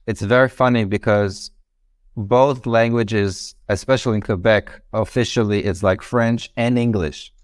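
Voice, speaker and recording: A man's voice: lowish voice, unhurried, no room sound. Laid-back man explaining in a dry, close sound. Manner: relaxed explaining, hedging with you know and like. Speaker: guest. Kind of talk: casual chat.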